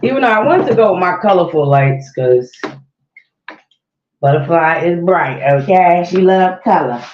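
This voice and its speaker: Hosting her own livestream, a woman chats casually and keeps speaking straight to her viewers, sounding slightly out of breath. Her lowish, darkish voice is expressive at a normal speed. The lo-fi audio is dull, with slight background noise.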